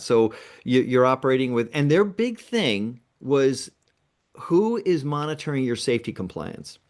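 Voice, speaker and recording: A man's voice: medium pitch, a little slow. A man, a nonprofit founder as a guest, telling a story in a conversational interview and acting out what others said. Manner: lively retelling that acts out other people's lines.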